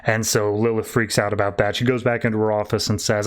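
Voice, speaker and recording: A man's voice: lowish voice, level tone, fast talker, hardly any pauses. A male podcast host loosely retelling a comic book story in casual chat, paraphrasing the characters as he goes.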